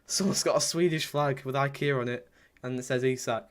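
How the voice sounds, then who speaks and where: A young man livestreams his own commentary on a football match, reading chat messages aloud and repeating himself as he goes. His voice sits in the mid range and moves a little fast. He's excitable and shouts out at big moments, like a typical fan streamer.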